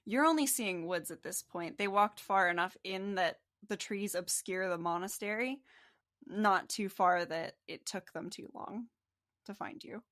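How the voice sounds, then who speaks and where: A woman's voice: medium pitch, a bit bright. Woman game master setting the scene. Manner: descriptive, unhurried recap and scene-setting. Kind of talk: narrating a tabletop game.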